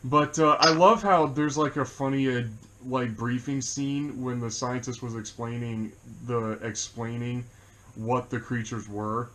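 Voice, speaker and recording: Male co-host for a casual movie chat, rambling and quick to laugh. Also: medium pitch, steady tone, fairly bright tone. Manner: rambling, laughs often, many fillers.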